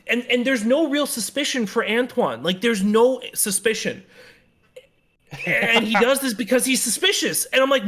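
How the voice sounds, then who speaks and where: A man co-hosting a podcast in casual chat, ranting with heat and swearing, his loudness and speed swinging as he talks. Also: very high-pitched, animated, normal speed. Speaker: podcast co-host. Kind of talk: casual comic review chat.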